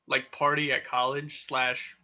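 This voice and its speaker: A young man hosting a podcast, telling wild stories in a casual, profane, animated way with frequent laughter. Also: mid-range voice, a little slow. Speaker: podcast host. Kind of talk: casual storytelling. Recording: dull lo-fi sound.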